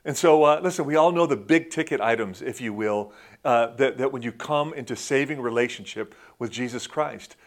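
A man delivers a sermon in a relaxed, conversational style, with a voice that sits at an ordinary middle pitch. He often sinks into soft, hushed tones when he gets to the heart of his point. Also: moderate pace. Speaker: pastor.

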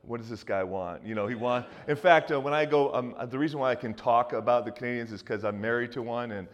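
A man's voice: medium pitch, steady tone, quick pace. A man in his fifties from the US Northeast, preaching a sermon in a loose, joking, conversational way with many restarts and asides. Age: 50s. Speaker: pastor.

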